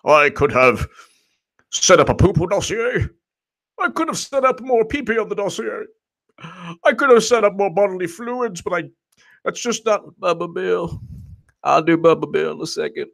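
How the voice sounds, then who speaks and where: A man's voice: sits high, lively intonation, normal speed, creaky, pauses often, a bit bright, pitched above the performer's own voice, heavily acted. A man doing a mock stressed official. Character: mocking parody of a stressed male official.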